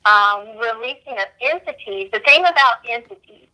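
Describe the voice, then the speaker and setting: A woman's voice: fairly high pitch, animated, normal speed, sharp tone, low-quality recording. A woman co-hosting a spiritual talk show, speaking earnestly and reassuringly and repeating key phrases. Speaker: co-host.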